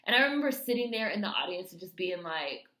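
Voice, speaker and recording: A woman's voice: fairly low pitch, big pitch swings, fast, bright, forceful tone, reverberant. A woman giving a casual film review, candid and profane, with lots of filler words.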